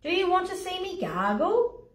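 A woman's voice: very high-pitched, sing-song, moderate pace, voice pushed up. A woman voicing a playful young lion who won't go to sleep, reading from a storybook in a pleading, whiny way. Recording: roomy echo, voice from a distance.

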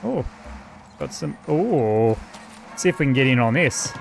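Australian man, gaming host, loose let's-play commentary, cheerfully profane, mid-pitched voice, game music faint underneath. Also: sing-song, unhurried, gravelly. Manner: casual, swears freely, chats to the game characters.

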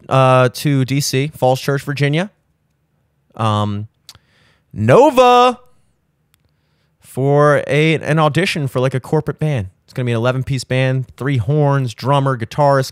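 A young man hosting a solo podcast, telling a rambling, animated story with voiced asides. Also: medium pitch, smooth, no echo, clean studio sound. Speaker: podcast host. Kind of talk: solo casual chat. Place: home studio.

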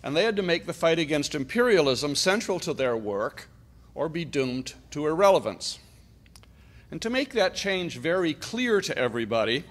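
A middle-aged man from Canada speaks from a conference stage in a voice pitched a little high. He lectures deliberately and leans hard on key words. His delivery is that of a political speech.

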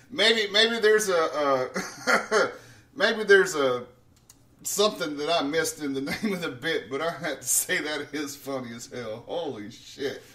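A man's voice: on the high side, expressive, slow pace, sharp tone. Laughing man in an echoey room. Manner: laughing, swearing, loose. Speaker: show host reacting to a clip. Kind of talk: casual reaction chat. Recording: roomy echo, distant from the mic.

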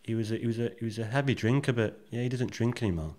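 A man's voice: medium pitch, very fast, a little mellow. A man guest on a podcast, telling rambling anecdotes bluntly and swearing freely. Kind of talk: casual storytelling interview.

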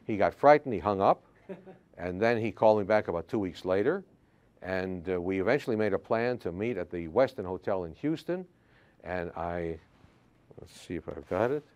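An older man, a history professor, telling anecdotes in a classroom lecture, halting with frequent fillers. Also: sits low, expressive, a little mellow, highs cut off.

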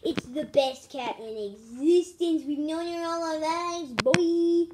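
A woman's voice: very high-pitched, takes it slowly. A woman voicing an earnest plush toy. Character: sweet plush toy mourning a cat. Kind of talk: casual plush toy video chat. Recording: clear background noise.

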